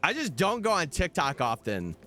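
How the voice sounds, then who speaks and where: A man's voice: fairly high pitch, wildly swooping pitch, moderate pace, pushed and bright. A young man streaming live, chatting casually and answering his viewers' messages over faint background music. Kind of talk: casual livestream chat.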